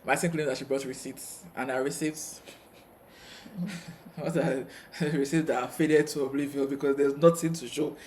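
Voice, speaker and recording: A man co-hosting a casual TV review chat, retelling scenes with quick asides. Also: on the high side, fairly even intonation, darkish tone, a little hiss or hum. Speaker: co-host of a TV review channel.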